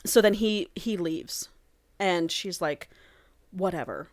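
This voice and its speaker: A woman's voice: medium pitch, slow pace, dry recording, studio quality. A woman co-hosting a podcast, casually retelling a book's plot and acting out the characters' lines as she goes. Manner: animated, acts out characters' lines while recapping. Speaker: podcast co-host recapping a book. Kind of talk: casual chat, retelling a story with quoted lines.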